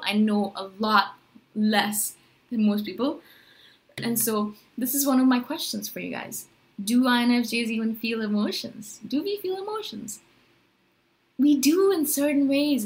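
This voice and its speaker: Rambling, animated woman vlogger. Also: a little high. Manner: rambling, animated, self-questioning, many "like"s. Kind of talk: casual talking-head monologue.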